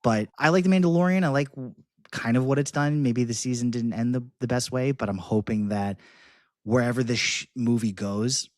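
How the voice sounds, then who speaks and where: A man co-hosting a podcast in casual chat, talking in halting bursts with frequent restarts. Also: mid-range voice, darkish tone, dry recording, clean studio sound. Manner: halting, many restarts and fillers. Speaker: podcast co-host.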